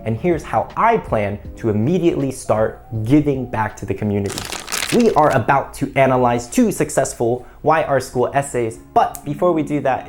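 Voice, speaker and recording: A man's voice: mid-range voice, darkish tone. A man explaining how to write college application essays in an upbeat, conversational instructional video.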